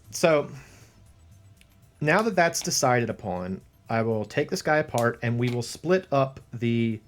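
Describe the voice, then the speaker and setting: Man, casual stream host, rambling, thinking aloud, mid pitch, faint background music. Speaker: livestream host painting a model. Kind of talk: casual live-stream chat with viewers.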